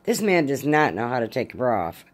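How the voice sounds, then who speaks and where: A middle-aged woman at home, in pain after arm surgery, rambling through a casual spoken diary with many halting fillers. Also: extremely low pitch, sing-song. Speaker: vlogger.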